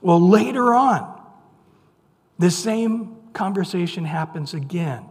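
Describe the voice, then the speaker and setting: A man preaches a sermon in a bright, high voice, telling the story casually and with humor. He acts out the voices of the people he quotes. His voice rings out with a long reverb, as if in a large hall. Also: lively intonation, slow pace. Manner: conversational, playful retelling with voiced quotes.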